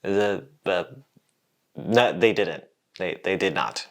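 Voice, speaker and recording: A man's voice: low-pitched, animated, takes it slowly, long pauses, fairly bright tone. Casual jokey male science vlogger. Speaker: host. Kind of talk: educational vlog narration.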